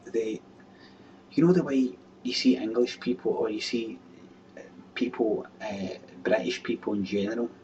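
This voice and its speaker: A man's voice: lowish voice, unhurried, mellow, highs cut off. A Scottish man in his thirties hosting a webcam show, answering viewer questions in a blunt, sweary, exasperated rant. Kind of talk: casual ranting chat. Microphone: webcam mic. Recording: distant webcam mic with faint room noise.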